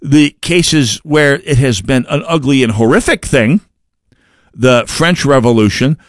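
A male commentator speaks in a sardonic, opinionated way, stumbling into quick restarts as he goes. His pitch sits in the middle of the male range. The sound is dry and close, with no room around it. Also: lively intonation, dry recording.

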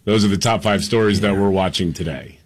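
A man's voice: on the low side, a little fast. A man co-hosting a radio talk show, reading news items with dry asides and frequent "uh"s. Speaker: radio co-host. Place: radio studio.

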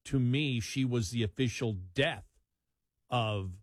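A man co-hosting a talk show, speaking in emphatic, animated commentary with frequent laughs. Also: mid-range voice, takes it slowly, dry recording, clean studio sound. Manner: animated, emphatic, laughs while mocking opponents. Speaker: co-host.

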